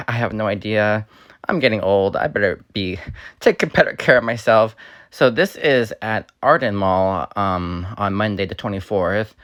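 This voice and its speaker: Male vlogger, slightly raspy and rambling, lowish voice, dry close recording. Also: fairly bright tone, no room sound. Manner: rambling, with fillers and restarts. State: slightly raspy, recovering from illness. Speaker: YouTuber. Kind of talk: casual voice-over for a store walkthrough.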